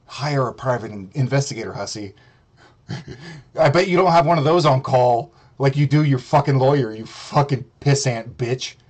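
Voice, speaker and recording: A man's voice: medium pitch, normal speed, darkish tone. A man streaming a profane, mocking rant, heated and sarcastic. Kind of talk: ranting commentary.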